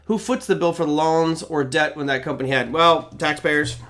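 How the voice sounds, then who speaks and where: Casual trading host answering viewer questions. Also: male voice, a little high, moderate pace, a bit bright. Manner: conversational, explains while reading questions aloud. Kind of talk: casual live Q&A.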